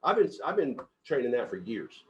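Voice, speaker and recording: A middle-aged man leading a casual group book discussion as company CEO, telling stories with lots of laughter and loudly acting out quotes. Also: mid-range voice, normal speed, muffled recording, slight background noise. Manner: animated storyteller, laughs often, acts out quotes loudly.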